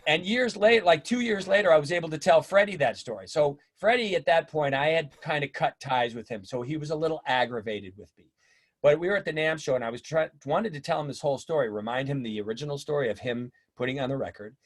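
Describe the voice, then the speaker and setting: A middle-aged man telling stories in a casual interview, animated and acting out the voices of people he quotes. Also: a little high, fast. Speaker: drummer and teacher, interview guest.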